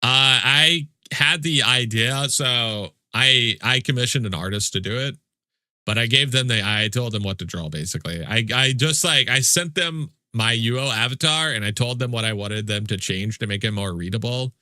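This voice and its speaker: A livestreamer chats casually with his viewers while playing a game, swearing freely and making mock-indignant, joking complaints. His medium-pitched voice moves at a normal pace and sounds pushed and bright, recorded at studio quality with no echo.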